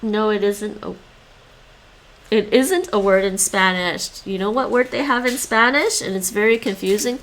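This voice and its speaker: A woman's voice: medium pitch, normal speed, rough recording. A woman streaming her language study, thinking aloud, correcting herself and explaining grammar as she goes.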